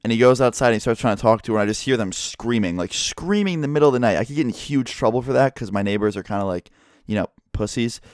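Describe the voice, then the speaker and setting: A man's voice: mid-range voice, lively intonation, quick pace, no echo, studio quality. A young man vlogger telling a story in a blunt, heavily profane, casual way.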